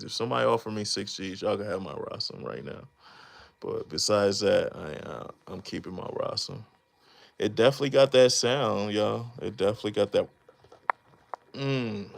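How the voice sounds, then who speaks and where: Man, 30s, low gravelly voice; loose, slangy live-stream banter with frequent laughs. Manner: laid-back slangy rambling, laughs often. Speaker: beatmaker streamer. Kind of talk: casual live-stream chat.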